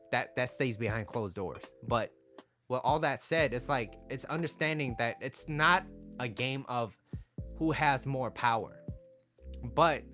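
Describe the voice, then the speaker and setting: A man coaching viewers on relationships in a loose, chatty monologue. His voice sits at an ordinary middle pitch, and he hammers his points home through repetition and constant check-ins like "right?". Faint music plays quietly in the background. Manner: conversational, peppers lines with "right?" and "like"; emphatic, repeats key points. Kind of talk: casual advice monologue to viewers.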